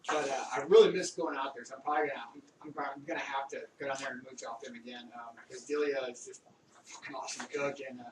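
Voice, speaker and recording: A middle-aged Army veteran rambling through old stories in a casual, profane monologue. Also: male voice, medium pitch, fairly even intonation, fast talker. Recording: roomy, distant mic with faint background noise.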